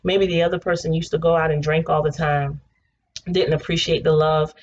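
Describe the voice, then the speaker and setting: A woman giving a casual tarot reading, chatty and blunt, swearing freely and breaking into excited laughter. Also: low-pitched, normal speed. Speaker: tarot reader. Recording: slightly dull home recording with faint noise.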